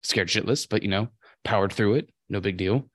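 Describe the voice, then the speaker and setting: A young man from California co-hosts a podcast, winding through long stories full of restarts and curse words. His voice is fairly low. The recording is dry and close. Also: moderate pace, a bit bright, no echo. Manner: rambling storyteller, heavy swearing. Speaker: podcast co-host. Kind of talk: casual podcast chat.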